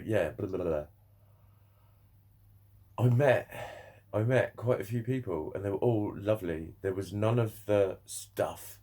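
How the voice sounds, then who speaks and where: A man's voice: deep voice, gravelly, darkish tone. A young man chatting casually to camera, rambling and swearing, laughing often between thoughts. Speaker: vlogger.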